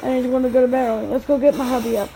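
A woman's voice: on the high side, fairly even intonation, very fast, creaky, noisy background. A mother talking casually to camera in a rambling daily vlog, moving between her car and her home. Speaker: vlogger, mother.

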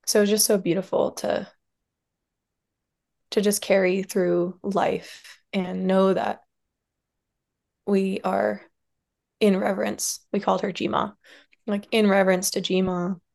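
A woman in her thirties talks gently and openly as an interview guest, her medium-pitched voice carrying a light fry. She speaks from the heart, trailing off into pauses and soft fillers. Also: little pitch movement. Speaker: podcast guest, somatic practitioner and dance teacher. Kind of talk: reflective conversational interview.

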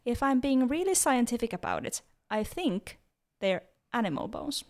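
Woman cohosting a podcast, kinda high voice, laughs a lot, casual chat. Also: sing-song, moderate pace. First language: Finnish. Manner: giggly, chatty, laughs often. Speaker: podcast co-host.

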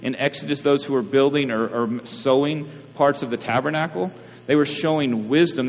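A man, preaching a sermon in a conversational way and often checking in with listeners. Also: mid-range voice. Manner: conversational preaching with frequent "right?" asides. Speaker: pastor. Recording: reverberant hall, mains hum.

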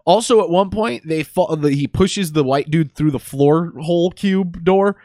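A man's voice: fairly high pitch, moderate pace, a little mellow, dry recording, studio quality. Man retelling a movie plot, cursing freely. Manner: profane, rambling storytelling. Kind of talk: casual movie recap chat.

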